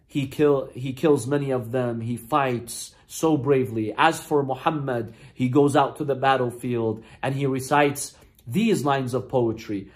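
A man's voice: mid-range voice, fairly even intonation, unhurried. A man preaching a sermon as a story, impassioned and building in intensity, at times chanting Arabic verses.

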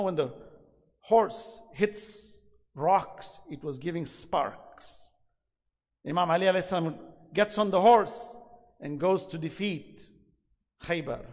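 Guy preaching a sermon, goes loud then drops real soft, reverby hall. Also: sits high. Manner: impassioned, swings between loud emphasis and soft asides.

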